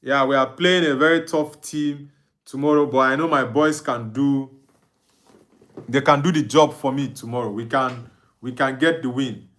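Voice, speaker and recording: A man's voice: mid-range voice, fairly even intonation, moderate pace, a bit bright. A young Nigerian man with an Igbo-accented English, hosting a live football watch-along, reading out viewer comments and answering them with frequent laughs. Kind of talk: live stream chat reading.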